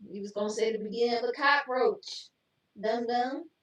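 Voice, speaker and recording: A woman co-hosts a casual show, reading jokes aloud and then explaining them with teasing remarks. Her voice is on the high side at a moderate pace, and the dull audio sounds echoey, as though she sits far from the mic.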